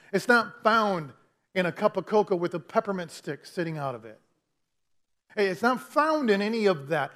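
High-voiced male pastor preaching. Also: fairly bright tone. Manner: conversational preaching with repeated restarts. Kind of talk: sermon. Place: church.

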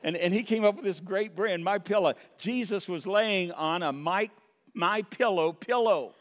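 A man's voice: high-pitched, normal speed. A middle-aged male pastor preaching a sermon in a church, building to impassioned cries with wry humorous asides. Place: church sanctuary. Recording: long hall reverb.

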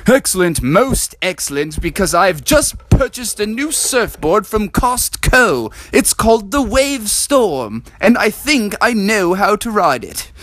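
A man's voice: high-pitched, big pitch swings, measured pace, few pauses, a bit bright, pitched above the performer's own voice, heavily acted. A man voicing a cheerful, bumbling frog dad in a bedtime story, boasting in a laid-back surfer manner. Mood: boastful.

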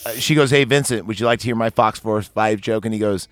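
A man's voice: lowish voice, quick pace, dry recording, faint music behind. A man hosting a casual podcast about a film, rambling, swearing often and laughing easily. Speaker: podcast host.

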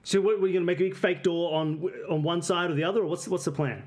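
Male game master with a rambling, halting narration style. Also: high-pitched, fairly even intonation, darkish tone.

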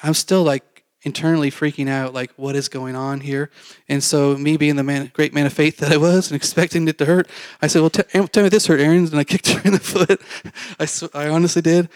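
A preacher gives his testimony, telling a congregation a personal faith story in a candid, self-mocking way and acting out the dialogue along the way. His voice is a little high and a little fast, with little pitch movement and no echo.

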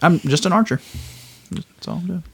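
A man co-hosting a podcast, chiming in with quick, jokey remarks in casual chat. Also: high voice, expressive, gravelly, a bit bright, a little hiss or hum. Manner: quick, jokey interjections with laughs. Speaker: podcast co-host. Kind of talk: casual group chat about a tabletop game.

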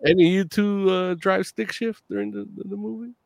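A man's voice: high voice, moderate pace, gravelly, no echo. A man co-hosting a fan talk show in casual chat, joking, swearing freely and laughing often. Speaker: co-host of a call-in fan show.

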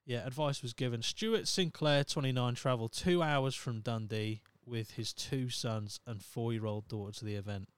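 A young man hosts a comedy podcast, reading articles aloud and breaking off into sarcastic, profane rants. His voice is smooth and full-bodied. The sound is dry, with no room around it. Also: medium pitch, normal speed, hardly any pauses, no echo. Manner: ranting, sweary, sarcastic asides. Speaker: podcast host. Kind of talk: casual comedic commentary.

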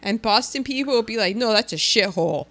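A woman chatting about a movie, animated and playful, acting out jokes and quotes. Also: fairly quick. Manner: animated, acts out jokes with big pitch swings. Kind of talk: casual movie recap chat.

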